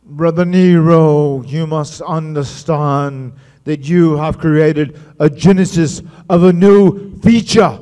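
A man voicing an unhinged, grandiose male wrestling persona in a put-on odd accent, declaiming slowly. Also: on the high side, mellow, clear, resonant tone, big-room sound. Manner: slow, drawn-out and declaiming.

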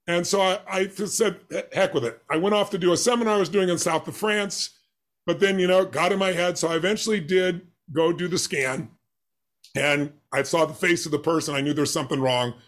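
A man's voice: sits high, a little fast, a bit bright. A man who is an interview guest, telling a personal story with animation and acting out the dialogue with emphatic voices.

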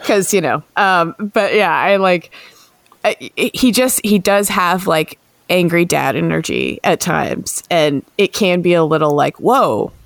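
A woman's voice: on the low side, measured pace, gravelly, no room sound. A woman hosting a sports podcast, chatting casually with many fillers and laughs. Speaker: podcast host, sports reporter.

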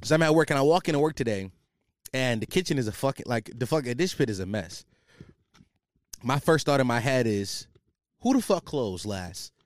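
A man's voice: medium pitch, animated, brisk, no echo, studio quality. A young man hosting a casual solo podcast, telling a rambling, profane story about his job, full of slang. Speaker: podcast host.

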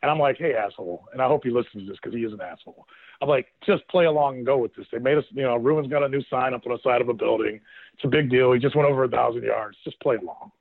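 A man's voice: mid-range voice, rapid-fire, vocal fry, no room sound. A man in his thirties telling a story casually on a radio show, laughing often and quoting people as he goes. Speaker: former football player, guest. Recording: tinny phone line.

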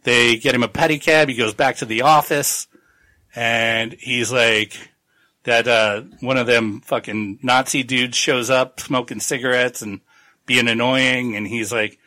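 Bright-voiced man recapping a novel. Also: mid-range voice, steady tone, a little slow. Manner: rambling, profane plot recap with quoted asides. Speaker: podcast host. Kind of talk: casual book-discussion podcast.

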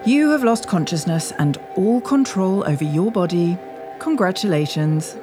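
A woman's voice: lowish voice, expressive, moderate pace, natural voice. A woman with a British accent, playing the lecturing inner voice of a man's primal brain in an audio drama. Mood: mocking. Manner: condescending, lecturing, sharp. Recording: voice over music bed.

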